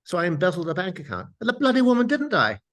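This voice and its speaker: A man's voice: medium pitch, expressive, moderate pace, a bit bright, natural voice. A man putting on the posh voice of a bitter female prisoner, indignant and aggrieved.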